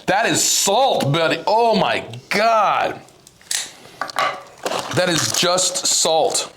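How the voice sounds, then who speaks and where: A man's voice: sits high, sing-song, very slow, noisy background. A man hosting a casual snack-tasting video, joking and complaining in an exaggerated way. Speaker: channel host tasting snacks.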